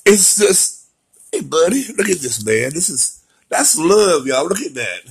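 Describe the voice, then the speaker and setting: Talking through his recovery, a middle-aged man rambles in an emotional, heartfelt, slangy personal monologue for his vlog. His voice is fairly high, creaky and husky, with big pitch swings and a measured pace, captured on poor audio.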